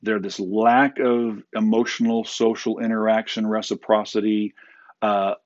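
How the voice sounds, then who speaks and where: A man's voice: on the low side, little pitch movement, muffled recording. A man giving a classroom lecture in a conversational way, with fillers and restarts, sometimes acting out short quoted exchanges. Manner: acts out quick quoted exchanges. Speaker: instructor.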